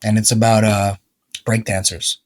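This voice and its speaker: A man's voice: fairly low pitch, level tone, moderate pace, dry recording. A middle-aged man from New York, a guest author, chatting casually and rambling with lots of fillers. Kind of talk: casual conversation.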